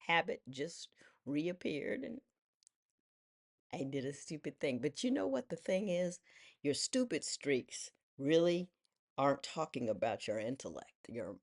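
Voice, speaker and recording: A woman in her sixties tells a personal story in a lively, self-mocking way, briefly putting on the voices of the people she quotes. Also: low voice. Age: 60s. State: widowed. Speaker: vlogger.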